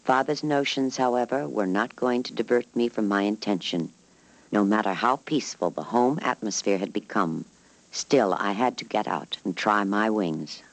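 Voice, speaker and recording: Low-voiced man reading a memoir. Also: normal speed, dry recording, low-quality recording. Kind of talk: scripted narration.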